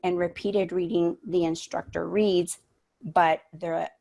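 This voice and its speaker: A woman teaching an online training session for adult education instructors, explaining reading methods in a measured way with frequent fillers. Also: on the low side, fairly even intonation, creaky, a little mellow, muffled recording. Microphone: computer mic on a video call.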